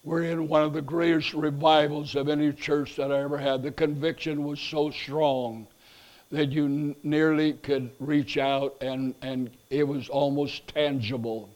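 A male pastor preaching a revival sermon, swinging between loud urgent passages and hushed pleading ones, with repeated phrases and halting restarts. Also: medium pitch.

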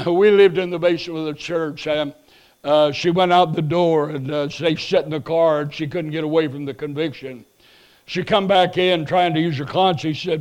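A male pastor preaching a revival sermon, swinging between loud urgent passages and hushed pleading ones, with repeated phrases and halting restarts. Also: a little high, steady tone.

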